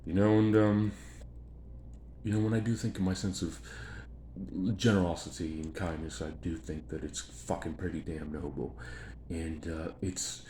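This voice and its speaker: A man with a low, mellow voice and fairly even intonation talks at a normal speed. He rambles through a profane, repetitive monologue about himself, frequently repeating phrases for emphasis. The room is echoey, with faint background noise.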